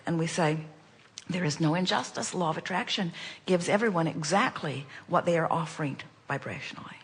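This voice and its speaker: A woman's voice: fairly low pitch, fairly bright tone, slightly rough. Woman teaching in a reverberant hall. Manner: measured, emphatic, speaks as "we". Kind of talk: spoken teaching in conversation.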